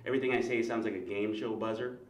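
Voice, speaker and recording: A man from Wisconsin with a Wisconsin accent doing a stand-up comedy set on a club stage, wry and self-deprecating, with quick asides to the crowd. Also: fairly low pitch, steady tone, distant mic. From Wisconsin, USA. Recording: roomy live stage sound from off-mic. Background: audience laughter.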